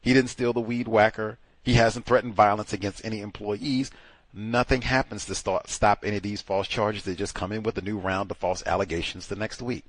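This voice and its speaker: A low-pitched man hosts a call-in advice show, speaking emphatically and with animation. His voice sounds dry and close, with no room around it. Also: a little fast, no echo. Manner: animated, emphatic, acts out other people mockingly. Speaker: host.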